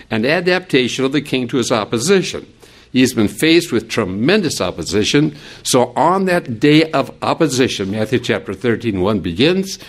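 Older male Bible teacher, animated and rambling, mid-pitched voice with lively ups and downs. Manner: animated and digressive, with chuckles. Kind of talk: classroom Bible lesson.

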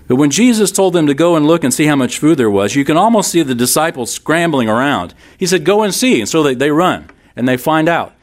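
A man's voice: a little high, lively intonation, fairly quick, hardly any pauses. A man teaching a Bible class in a sermon style, emphatic, repeating key lines and speaking straight to his listeners.

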